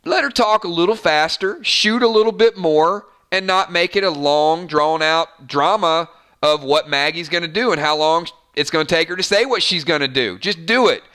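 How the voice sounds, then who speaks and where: Fairly high in pitch and moderate in pace, this man's voice leads a relaxed fan chat for his channel. He comes from Georgia, has a light Southern accent, and rambles animatedly, often repeating words.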